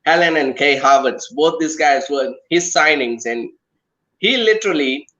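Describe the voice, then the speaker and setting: A man's voice: medium pitch, moderate pace, pushed and bright, dull audio. A man in a casual football chat, talking earnestly and often checking in with "you know" and "right". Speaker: guest on a watch-along.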